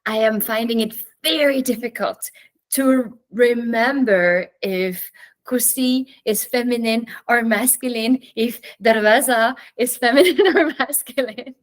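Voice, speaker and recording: A woman's voice: a little high, unhurried. A woman in her forties whose first language is French, teaching English to learners in a chatty, friendly way with small laughs and restarts. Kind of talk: talking to a class of learners.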